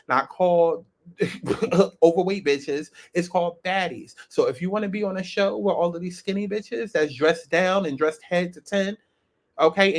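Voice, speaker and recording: A man hosting a reality-show review, talking in a blunt, sassy and profane casual commentary. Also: high voice.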